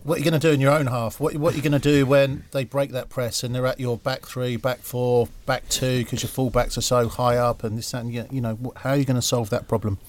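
A man's voice: mid-range voice, level tone, a little fast, few pauses. A man, a former footballer, arguing his views bluntly in a studio football debate. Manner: blunt and argumentative.

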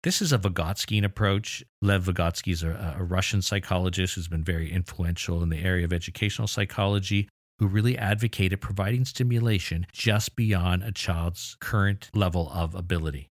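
A man's voice: sits low, a little fast, no echo, clean studio sound. A man hosting an educational podcast, explaining ideas with enthusiasm and a few exasperated asides. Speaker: podcast host.

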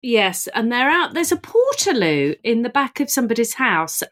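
A woman's voice: on the high side, very animated, normal speed, a bit bright. A woman co-hosting a podcast, chatting casually in a giggly, playful way. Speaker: podcast co-host. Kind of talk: casual chat.

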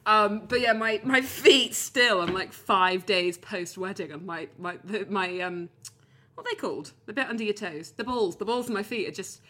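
A woman's voice: mid-range voice, normal speed, pushed and bright, slight background noise. A young British woman co-hosting a podcast, telling a story in casual chat, swearing freely and laughing often. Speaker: podcast co-host.

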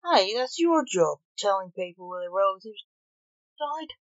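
Brash tactless hospital orderly, male, read by a woman, a touch higher and louder, dull lo-fi dry sound. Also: normal speed, no echo, natural voice. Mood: mocking. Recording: dull lo-fi recording.

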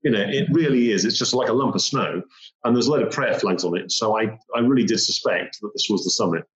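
A man's voice: lowish voice, fast talker. A man telling a personal story in vivid detail, repeating phrases and acting out the moments he describes. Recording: roomy, dull lo-fi sound.

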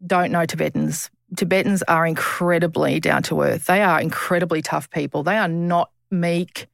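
A woman's voice: fairly low pitch, steady tone, normal speed, vocal fry, dry recording, clean studio sound. A woman, speaking as a podcast guest. She talks frankly and bluntly, with teasing humour and the odd swear word. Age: 50s. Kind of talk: candid conversational interview.

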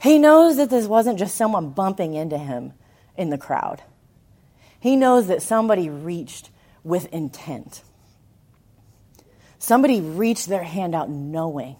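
A woman with a medium-pitched voice preaches a sermon, telling the story animatedly. Her emphatic lines swing from loud to hushed.

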